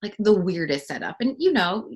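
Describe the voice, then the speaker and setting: A woman's voice: mid-range voice, very animated, normal speed. A young woman and voice actor in a casual interview, chatty and upbeat with many fillers, on a home studio mic. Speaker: voice actor guest.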